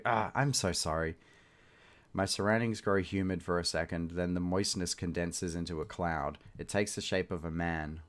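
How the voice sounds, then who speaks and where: Deep-voiced man reading a story aloud. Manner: laughs at himself, loose and chatty between stories. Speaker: reader and host. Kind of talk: reading a short story aloud with casual asides.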